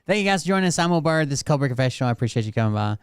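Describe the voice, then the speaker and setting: A man's voice: medium pitch, lively intonation, racing, clean tone, no echo, studio quality. A man hosting a casual show, talking in a loose, rambling and profane way. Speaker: host. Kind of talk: casual chat.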